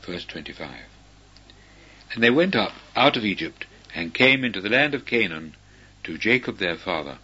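Man, scripture reading, husky voice, lowish pitch, dull lo-fi recording. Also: expressive, bright, forceful tone. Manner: solemn, deliberate, with pauses between phrases. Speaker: scripture reader. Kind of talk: slow measured scripture reading.

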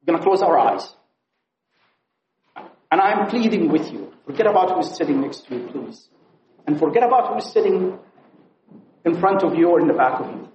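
A man preaching a sermon at a conference, pleading and impassioned, swinging from loud appeals to hushed tones. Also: fairly high pitch, expressive, normal speed, pauses often, a little hiss or hum. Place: conference hall. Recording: echoey, dull lo-fi hall recording.

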